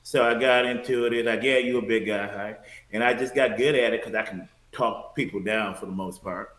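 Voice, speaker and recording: A man from Detroit, a former bouncer, chatting as a podcast guest in a relaxed, storytelling way. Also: mid-range voice, a little fast. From Detroit, USA. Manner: relaxed, storytelling, laughs easily. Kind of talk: casual chat. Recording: echoey room.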